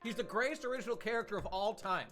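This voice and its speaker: A man's voice: high-pitched, racing, fairly bright tone, soft background music. A man streaming a game, joking crudely and laughing a lot with his co-host. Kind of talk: casual game commentary.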